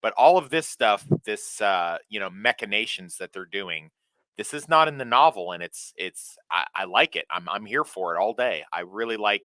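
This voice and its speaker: Man, bright forceful voice, animated recap chat, curses freely, dry close sound. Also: fairly low pitch, normal speed, no echo. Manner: animated, profane, apologetic asides. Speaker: co-host. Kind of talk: casual show recap chat.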